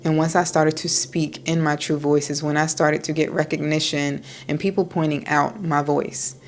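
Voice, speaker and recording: Woman, very low voice, flat even delivery, calm soothing vlog talk. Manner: slow, soft, deliberate speech with pauses. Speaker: wellness vlogger. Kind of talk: calm talking-head vlog.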